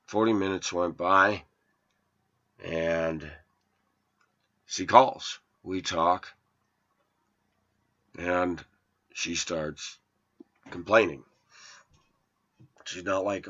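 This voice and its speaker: A man's voice: deep voice, drawn-out words, pauses often, fairly bright tone, highs cut off. A man telling a personal dating story to his viewers, aggrieved and quoting texts and calls word for word. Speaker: video blogger.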